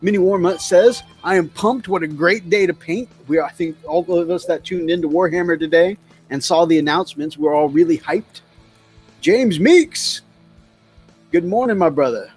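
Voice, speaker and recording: A man's voice: high voice, moderate pace, a little mellow, soft background music. A man hosting a hobby livestream, enthusiastic and greeting viewers. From United States. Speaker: host. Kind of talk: livestream chat.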